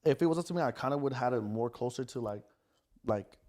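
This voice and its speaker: Fast-talking profane young man. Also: medium pitch. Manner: profane, animated storytelling. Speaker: podcast guest, restaurant owner. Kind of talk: casual storytelling chat.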